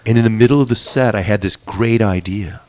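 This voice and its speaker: A man's voice: lowish voice, brisk, very noisy. A middle-aged man telling a personal story in a wry, candid way, swearing now and then for emphasis. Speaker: musician and storyteller.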